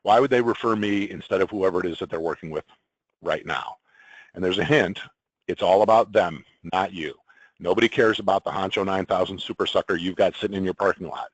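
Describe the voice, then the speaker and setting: A man presenting sales and marketing methods as a consultant, in a measured, explanatory way with occasional ums. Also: sits low, slightly rough, dry recording, lo-fi sound. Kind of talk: business presentation.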